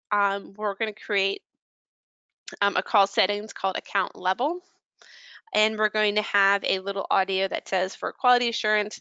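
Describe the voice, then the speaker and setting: A woman giving a casual software training walkthrough, filling her pauses with ums while she clicks through settings. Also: mid-range voice, smooth, dull audio. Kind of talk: screen-share product walkthrough.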